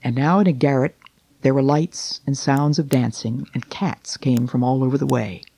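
A man reading a classic children's Christmas story aloud in a gentle, unhurried voice with dramatic slowing. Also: mid-range voice, steady tone, vocal fry, slightly rough, no echo.

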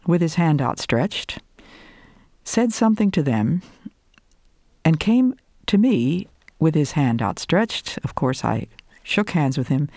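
An older woman giving a devotional talk, measured and deliberate, lingering over each item in a list. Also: a bass voice, warm tone, no room sound. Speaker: Christian speaker.

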